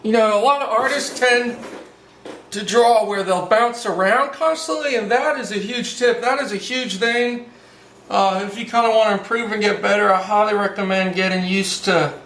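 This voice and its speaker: A man's voice: high voice, bright, forceful tone, reverberant, low-quality recording. A man hosting a casual step-by-step drawing lesson, upbeat and playful, tossing in "baby" and little sung bits. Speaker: drawing tutorial host.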